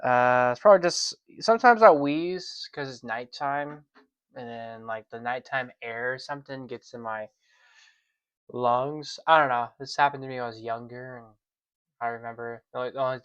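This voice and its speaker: A man's voice: mid-range voice, a bit bright, clean tone, dry recording. A man hosting a weather livestream from his room, wheezing as he talks in a chatty, apologetic way. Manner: chatty, self-conscious, apologetic. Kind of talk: casual livestream chat. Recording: dry, dull lo-fi stream audio.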